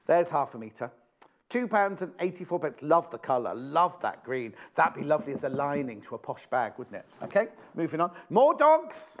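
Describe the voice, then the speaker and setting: A man's voice: on the high side, big pitch swings, normal speed. A British man presenting a live TV shopping show, chatty and exclamatory, repeating prices and phrases. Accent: British English.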